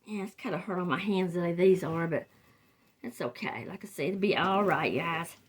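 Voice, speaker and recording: A woman's voice: lowish voice, normal speed, husky. An older woman with a Southern US accent, chatting casually and rambling through a wreath-making tutorial. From the Carolinas, US. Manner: chatty, rambling, trails off and restarts. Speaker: wreath crafter. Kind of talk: casual crafting tutorial chat.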